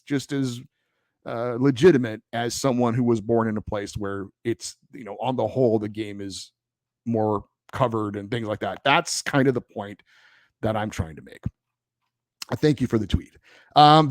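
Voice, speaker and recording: A man's voice: mid-range voice, a little mellow, dry recording. A man hosting a sports podcast, reading and answering listener mail in a conversational, argumentative way. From born in Hawaii, raised in California. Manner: conversational, pushes back, many fillers. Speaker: podcast host. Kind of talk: casual hockey podcast, reading listener feedback.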